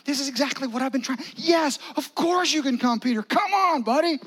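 A man voicing Jesus as joyful and eager, excitedly cheering a friend on in a sermon retelling. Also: very high-pitched, brisk, voice pushed up. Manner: excited, rising, encouraging.

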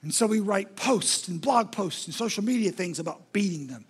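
A man's voice: sits high, expressive, moderate pace, breathy edge. A male pastor preaching a sermon in an emphatic, repetitive, rhetorical style.

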